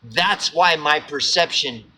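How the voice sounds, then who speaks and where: Profane, sharp-voiced Oklahoma man. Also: on the high side, slow, a little hiss or hum, low-quality recording. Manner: blunt, profane, preachy; repeats himself for emphasis. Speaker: vlogger. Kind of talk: ranting monologue to camera.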